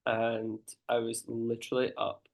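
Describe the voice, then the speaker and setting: A man's voice: medium pitch, completely flat delivery, unhurried, gravelly. A man co-hosting a podcast, talking bluntly and graphically in casual chat. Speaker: podcast co-host.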